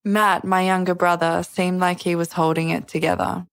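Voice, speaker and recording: Female narrator, lowish gravelly voice, even delivery, dry close mic. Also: normal speed, no room sound. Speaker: podcast host and narrator. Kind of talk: scripted narration.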